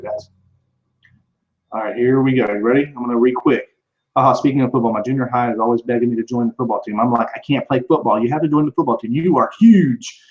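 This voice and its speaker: A man's voice: mid-range voice, lo-fi sound. Rambling man on a live stream. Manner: rambling, with frequent restarts and fillers. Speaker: live show host answering viewer questions. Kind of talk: casual live-stream chat. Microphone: computer microphone.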